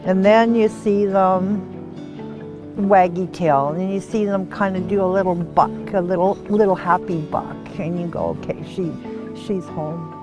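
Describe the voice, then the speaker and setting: A woman's voice: mid-range voice, steady tone, a little slow, over music. A woman in her sixties who runs an animal sanctuary, talking casually and with feeling for a documentary, outdoors on a farm. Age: 60s. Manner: soft, heartfelt, emotional. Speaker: pig sanctuary owner.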